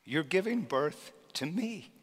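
A man preaching a sermon, swinging from loud emphatic shouts to quiet, hushed lines. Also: fairly high pitch, expressive, slow pace, breathy edge, big-room sound. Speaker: pastor.

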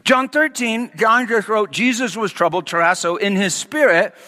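Dramatic preacher, bright voice in a hall. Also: male voice, high-pitched, moderate pace. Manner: dramatic swings from loud emphatic peaks to hushed near-whispers. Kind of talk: sermon.

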